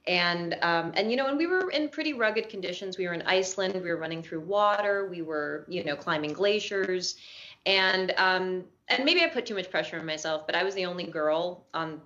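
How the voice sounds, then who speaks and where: A woman's voice: on the low side, normal speed, fairly bright tone. Woman in her 30s on a video call to a talk show, bubbly, laughs a lot, kinda muffled audio. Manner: bubbly, self-deprecating, laughs often. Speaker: guest. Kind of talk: late-night talk show chat.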